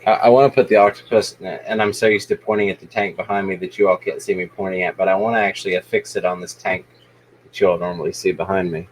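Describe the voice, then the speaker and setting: A man's voice: low voice, fairly even intonation, fast talker, slight background noise, rough recording. A man hosting a livestream, easygoing and self-deprecating in casual chat. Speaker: livestream host.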